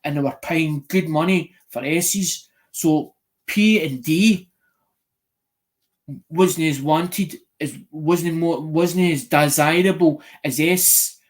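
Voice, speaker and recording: A man's voice: on the high side, slow. A man chatting casually to viewers, rambling and restarting phrases, acting out what people say. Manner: rambling, repeats and restarts phrases, acts out quoted voices. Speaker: coin collecting YouTuber.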